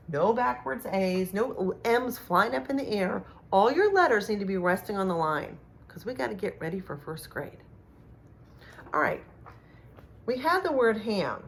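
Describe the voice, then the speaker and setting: A middle-aged woman teaching a remote phonics lesson to young children, speaking slowly and clearly with encouraging sound-outs. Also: medium pitch, slight background noise. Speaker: kindergarten teacher.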